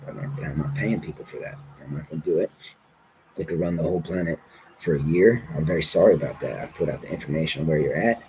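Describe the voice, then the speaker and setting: A man's voice: very deep voice, fast talker, a little mellow, a little hiss or hum, rough recording. A man talking in a rambling, commanding monologue, giving orders and swearing.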